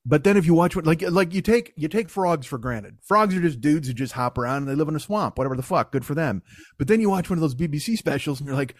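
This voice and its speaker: A man hosting a comedy podcast, riffing in a rambling, profanity-heavy, animated way. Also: on the high side, fast talker, no room sound, clean studio sound. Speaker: podcast host.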